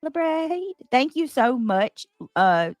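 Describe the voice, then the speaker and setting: A woman's voice: sits high, sing-song, slow, no room sound. A woman hosting a casual livestream, chatting effusively and greeting viewers from the comments.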